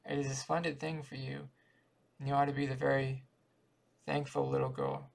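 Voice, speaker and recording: Man voicing a stern orphanage matron, brisk and scolding, gravelly storybook reading. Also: medium pitch, very animated.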